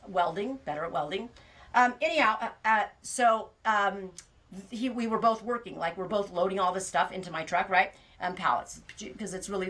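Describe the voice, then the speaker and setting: Bright-voiced chatty American woman streaming live. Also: medium pitch. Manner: chatty and rambling, greets viewers by name, laughs often. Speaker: livestream host of a knitting and farm channel. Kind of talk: casual live-stream chat.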